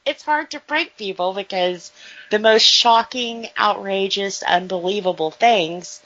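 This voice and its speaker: Bright-voiced woman in slow, joking banter. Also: medium pitch. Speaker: podcast co-host. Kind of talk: casual chat. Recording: dull lo-fi podcast audio.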